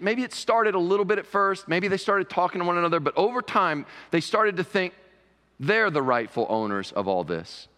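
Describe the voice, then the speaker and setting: A man's voice: high-pitched, bright, forceful tone. A man preaching a conversational sermon as pastor, rising to emphatic pleading. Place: church sanctuary. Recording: long reverb of a church sanctuary.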